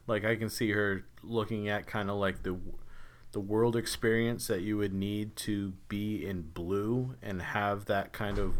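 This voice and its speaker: Male podcast co-host, lowish voice, loose rambling film talk. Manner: rambling, many restarts and fillers. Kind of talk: casual film discussion.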